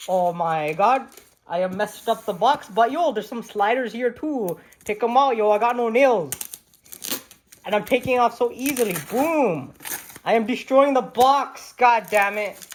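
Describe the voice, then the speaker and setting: A woman vlogging an unboxing at home, talking into a handheld camera in an excited, rambling, slangy way and laughing at herself. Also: fairly high pitch, unhurried, slight background noise. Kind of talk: casual unboxing vlog. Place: at home by a desk. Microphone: handheld camera mic.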